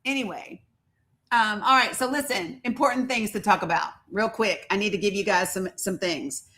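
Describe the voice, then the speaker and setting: Woman, live-stream host, casual and chatty, quick to laugh, mid-pitched voice. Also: bright, forceful tone. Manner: chatty, laughs often, talks straight to viewers. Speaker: livestream host.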